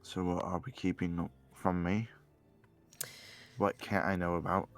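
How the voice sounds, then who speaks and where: Man, very low voice, gravelly, wry, tabletop player. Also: little pitch movement, unhurried, faint music behind. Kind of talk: playing a tabletop game in character.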